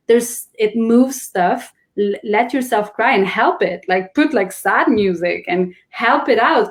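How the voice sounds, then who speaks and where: A woman, a guest in a casual conversation, explaining earnestly with many restarts. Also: medium pitch.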